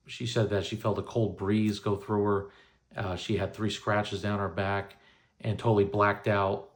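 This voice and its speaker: A man in his thirties casually telling a personal story, rambling with many fillers and restarts. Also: on the low side. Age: 30s.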